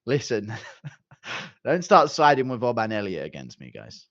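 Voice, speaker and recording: A young man reading and answering viewer chat on a casual live stream, animated and joking, with some mild swearing. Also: mid-range voice, measured pace, no room sound, dull audio.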